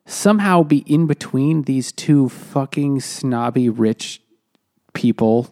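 A man's voice: mid-range voice, takes it slowly, a little mellow. A man in casual book talk, blunt and exasperated, swearing freely.

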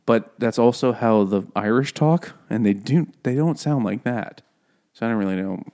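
A man's voice: mid-range voice, normal speed, mellow. A man co-hosting a casual book podcast, rambling and breaking off mid-thought, with laughing asides. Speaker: podcast co-host.

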